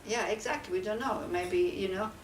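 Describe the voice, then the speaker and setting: In a teaching centre room, a Buddhist nun gives a conversational dharma talk to a small group, firing question after question at them and saying "you know" a lot. Her medium-pitched voice moves a little fast over a noisy crowd, and the room is echoey with her far from the mic.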